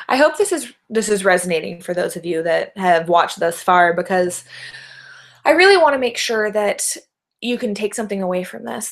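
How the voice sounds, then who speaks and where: A woman's voice: medium pitch, creaky. A middle-aged woman life coach, talking alone to a camera in an encouraging way and often asking her listeners rhetorical questions. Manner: encouraging, asks many rhetorical questions with tag "right?".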